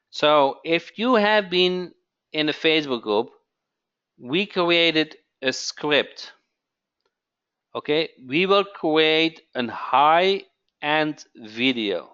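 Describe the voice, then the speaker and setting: A man hosting a live webinar sales pitch, who keeps asking "okay?" and repeats his phrases. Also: animated, extremely slow, sharp tone, clear, resonant tone, muffled recording. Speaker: webinar host.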